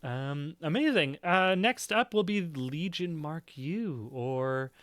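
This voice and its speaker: Man as game master, smooth clear voice, dry close sound, chatty narration. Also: on the high side, lively intonation, takes it slowly, fairly bright tone, no room sound. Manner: chatty, filler-heavy, upbeat. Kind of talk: running a tabletop game.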